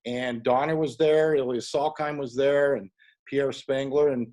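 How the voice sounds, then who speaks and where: A man who is a guest actor on a video call, telling an anecdote in a casual, animated way. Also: medium pitch, measured pace. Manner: animated storyteller, acts out quoted voices.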